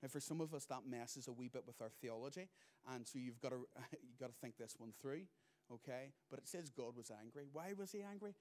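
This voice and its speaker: A man in middle age preaching a sermon at an even, middle pitch. He drives points home with loud bursts and then drops to near-quiet asides. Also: fairly quick. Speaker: pastor.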